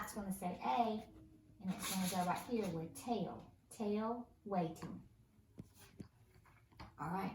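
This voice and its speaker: A patient, encouraging woman teacher leads a phonics lesson and prompts young pupils to read each word. Her voice sits at a middle pitch and comes from some distance from the mic. The room sounds echoey, with a clear layer of noise behind her. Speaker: first grade teacher. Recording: roomy, distant, noisy home recording.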